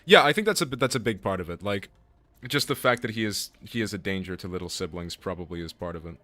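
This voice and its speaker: A male game streamer in a loose, joking chat with his viewers. He swears freely and keeps things casual. His voice sits very low. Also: expressive, fast talker, bright, forceful tone, no room sound. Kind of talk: casual gaming stream commentary.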